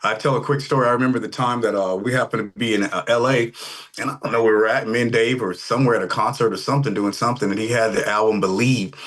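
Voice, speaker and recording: A middle-aged man, a rock singer, chatting over a video call in a relaxed, rambling way with many fillers. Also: fairly low pitch, quick pace. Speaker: rock band lead vocalist. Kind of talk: casual interview chat.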